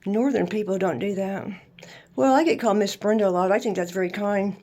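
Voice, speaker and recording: A woman's voice: mid-range voice, a little fast. A woman, telling her life story in an emphatic, faith-filled monologue. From Louisiana, USA. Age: 60s. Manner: lively, emphatic testimony with faith talk. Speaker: vlogger.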